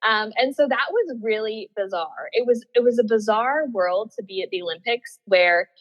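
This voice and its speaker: A woman recounts her experience at an easy, chatty pace, laughing often and putting on her past self's excited voice. The audio is dull and muffled, with a long reverb trailing behind her. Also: fairly high pitch, normal speed. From Australia. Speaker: guest, former Olympian. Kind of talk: casual storytelling interview.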